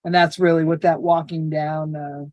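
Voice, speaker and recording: A woman filmmaker talking casually in an interview, animated and acting out quotes from her shoot. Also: normal speed, muffled recording. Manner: animated, acts out quotes in high voices. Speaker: filmmaker guest.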